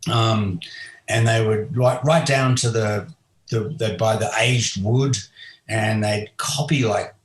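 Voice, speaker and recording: A man with a lowish voice recalls stories from his career in a relaxed interview. He meanders and restarts often. His sound bounces around a noticeably reverberant room. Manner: rambling, many restarts and "you know". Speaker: guest musician. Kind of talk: casual interview storytelling. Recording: roomy echo.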